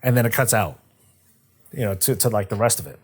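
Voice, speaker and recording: A man's voice: on the low side, animated, breathy edge. A young man chatting casually on a livestream, rambling and swearing, joking as he retells a story. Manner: rambling, profane, jokey, acts out characters in quick asides. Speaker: streamer discussing game lore.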